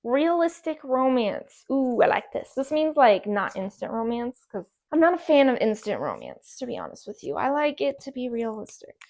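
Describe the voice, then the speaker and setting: A woman's voice: a little high, very animated, normal speed, few pauses, darkish tone. A woman vlogger gushing about book recommendations in casual, repetitive chat. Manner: gushing, enthusiastic, repeats herself.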